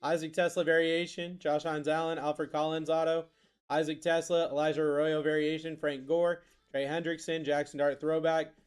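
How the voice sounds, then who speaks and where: A man's voice: a little high, little pitch movement, normal speed, smooth. A man hosting a live card break stream, reading out player names and answering chat. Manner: rattles off player names, reads chat aloud.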